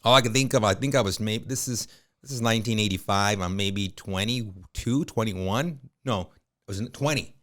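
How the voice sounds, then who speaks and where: A lowish male voice at normal speed belongs to a realtor in his fifties. As a podcast guest, he tells anecdotes in an animated, everyday style full of fillers.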